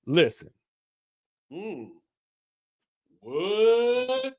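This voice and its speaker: A man with runs a casual pop culture commentary. His pitch swings widely as he teases and riffs, and his unhurried delivery sits close and dry on the mic. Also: dry recording. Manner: animated, playful, sassy asides to viewers. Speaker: host.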